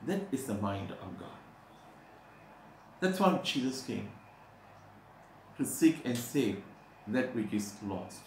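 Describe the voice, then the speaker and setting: A man preaching a sermon, pausing often with "uh" and slowing down to stress scripture verses. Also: lowish voice, big pitch swings. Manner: halting, with frequent "uh" pauses. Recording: echoey room, faint background noise.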